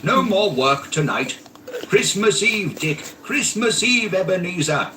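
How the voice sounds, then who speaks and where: A man voicing a jovial, fat old male merchant with a rich, hearty voice, hollering loudly and exuberantly in a storybook reading. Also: sits high, expressive, unhurried, voice pushed up, exaggerated voice. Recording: distant mic, faint background noise.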